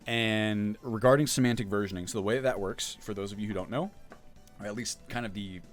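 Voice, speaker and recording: Brief: lower-voiced male streamer, casual and chatty, thinks aloud and answers chat, soft music underneath. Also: brisk. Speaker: mod developer streaming.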